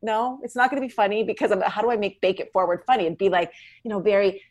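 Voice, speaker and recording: A middle-aged woman, a cookbook author, chatting in an interview in a rambling, animated way from her farm home. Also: mid-range voice, fast talker. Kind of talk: casual interview chat.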